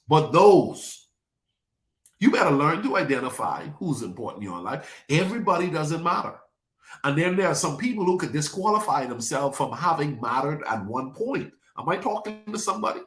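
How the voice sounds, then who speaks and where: A man preaching with a lively, swooping delivery that climbs and drops as he presses his points, speaking. He calls on listeners by name and asks them to repeat after him, and the room around him rings with echo. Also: fairly high pitch, normal speed. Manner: preachy call-and-response, addresses congregation by name. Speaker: pastor. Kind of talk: sermon. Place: church sanctuary.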